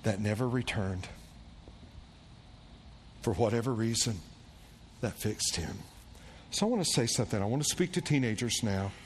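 A male pastor telling a story in a sermon, animated and acting out the voices of the people in it. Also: moderate pace, long pauses. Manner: animated storyteller, acting out quoted voices with big pitch jumps. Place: church sanctuary. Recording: long church reverb with faint room noise.

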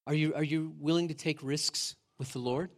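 Male pastor, middle-aged, conversational sermon delivery, lively scripture storyteller, a touch high-pitched. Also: normal speed. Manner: conversational, asks the congregation questions. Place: church sanctuary.

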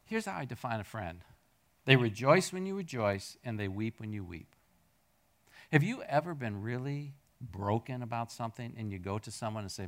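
A middle-aged man preaching a sermon to his congregation. He tells stories in an animated way, jumping from loud peaks to near-murmurs. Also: medium pitch, normal speed. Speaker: pastor. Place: church hall with a congregation.

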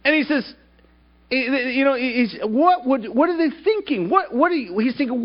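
A man's voice: extremely high pitch, sing-song, moderate pace, dull audio. A male pastor preaching a sermon at a church service, putting rhetorical questions to the congregation.

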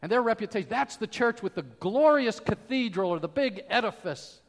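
A man preaching a sermon as pastor, emphatic, swinging from loud declarations to quiet asides. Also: high-pitched, lively intonation, moderate pace, long reverb tail.

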